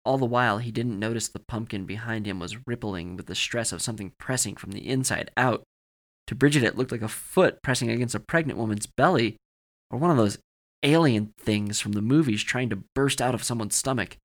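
A man narrating a scripted horror story for a podcast in a measured, steady way. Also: medium pitch.

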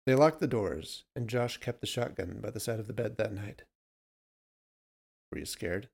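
A man reading a short story aloud in a steady, measured way. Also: fairly low pitch, gravelly, husky. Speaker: narrator.

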